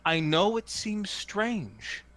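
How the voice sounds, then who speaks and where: A man voicing a slick male hawker who gives a drawn-out, grandiose sales pitch. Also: very animated, a bit bright, exaggerated voice. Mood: persuasive. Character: slick male toad-fortune hawker, showman.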